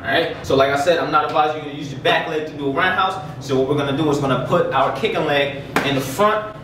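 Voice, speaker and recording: A karate instructor runs a casual lesson on basic kicks, chatting loosely and getting out of breath as he demonstrates. His voice is a little high, and the distant mic in an echoey room picks up a noisy background.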